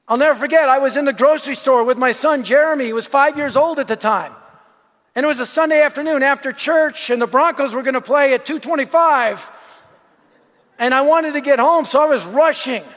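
A middle-aged pastor delivers a sermon, his voice sitting unusually high for a man. He tells stories with energy, shouting some lines and dropping to near-whispers on others. His voice carries a long hall reverb. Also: normal speed. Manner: energetic storytelling preacher, swinging from shouts to hushed asides.

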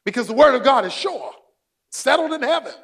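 A man preaching a sermon, shouting for emphasis and joking with his congregation. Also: very high-pitched, very animated, fairly quick, breathy edge. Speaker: pastor.

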